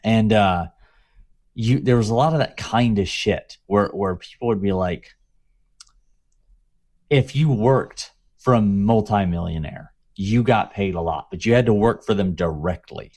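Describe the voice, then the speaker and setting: A man's voice: on the low side, a little slow, darkish tone. A man co-hosting a podcast in casual chat, explaining history in rambling detail with many fillers. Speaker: podcast co-host.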